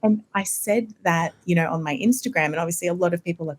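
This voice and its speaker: A woman, a homeopath guest on a podcast, telling personal stories in a lively, casual way full of "you know" and "like". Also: fairly low pitch, fast talker. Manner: animated storytelling, many fillers like "you know".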